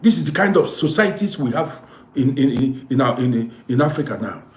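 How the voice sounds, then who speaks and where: A man's voice: mid-range voice, animated, normal speed, roomy sound. A man giving a preachy, scolding moral monologue to camera as a social commentator.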